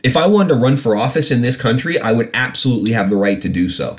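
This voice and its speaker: A man's voice: medium pitch, fast. A British man hosting a podcast, ranting bluntly and profanely about politics. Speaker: podcast host. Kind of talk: casual ranting commentary.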